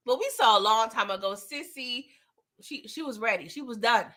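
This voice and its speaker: A woman hosting a casual TV recap, animated and laughing as she acts out the scenes. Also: fairly high pitch, normal speed. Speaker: TV recap host. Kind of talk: casual chat.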